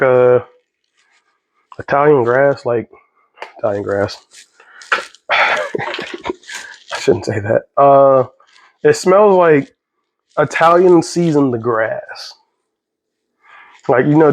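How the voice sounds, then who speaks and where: A man's voice: medium pitch, no echo. A young man cooks in his home kitchen, with a voice in an ordinary middle range. He rambles and jokes and gets sidetracked as he goes, in a loose, casual manner. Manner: rambling, jokey, easily sidetracked. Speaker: vlogger. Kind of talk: casual cooking vlog.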